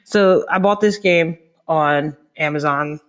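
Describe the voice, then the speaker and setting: A young man with a fairly high voice co-hosts a relaxed couple's podcast. He jokes and teases in loose, casual chat and laughs easily. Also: slow pace, highs cut off. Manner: joking, teasing, laughs easily. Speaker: podcast co-host.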